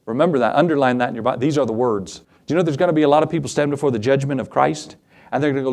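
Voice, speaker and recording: A man preaching a sermon to his congregation, animated, acting out Bible scenes in quoted voices. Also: mid-range voice, very fast. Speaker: pastor.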